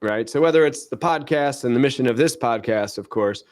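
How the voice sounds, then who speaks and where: A man's voice: medium pitch, a little fast, a little mellow, no echo. A man with an American accent hosting a casual school-district podcast in a jokey, upbeat, self-deprecating way, with faint music behind him. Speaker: podcast host, school superintendent.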